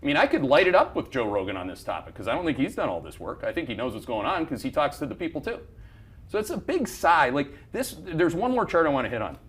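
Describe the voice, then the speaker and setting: A man's voice: fairly high pitch, very animated, quick pace, a bit bright. A man hosting a market commentary show, talking bluntly and heatedly, swearing and restarting his sentences as he rants through charts. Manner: fired-up, blunt ranting with profanity and repeated restarts. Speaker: investment firm CEO hosting a market show.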